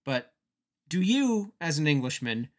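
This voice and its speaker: A man's voice: fairly high pitch, big pitch swings, a little slow. A man hosting a podcast, recapping casually with wry, chatty asides. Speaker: podcast host.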